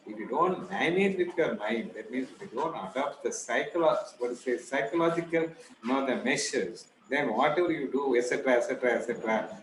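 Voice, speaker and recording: Indian-accented man, lively lecturer acting out anecdotes, roomy noisy recording. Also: medium pitch, fairly quick. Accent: Indian English. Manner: animated storytelling, acts out quoted voices. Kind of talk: informal lecture on stress and self-talk. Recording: echoey room, noisy background.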